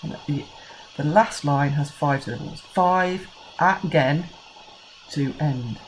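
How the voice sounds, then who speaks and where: A woman teacher with an English accent, talking young pupils through a recorded lesson and counting out syllables slowly and clearly. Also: low voice, fairly even intonation, a little mellow, a little hiss or hum, low-quality recording. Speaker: primary school teacher.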